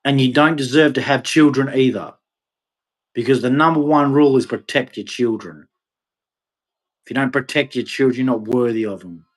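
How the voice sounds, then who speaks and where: A man delivering an impassioned, ranting monologue to camera, with sudden loud, emphatic rises. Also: medium pitch, normal speed. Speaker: vlogger.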